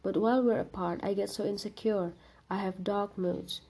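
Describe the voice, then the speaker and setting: A woman's voice: mid-range voice, steady tone, normal speed, mellow, close to an everyday voice. A woman voicing an earnest young male student pleading with his girlfriend, read in a storybook reading. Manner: pleading, insistent.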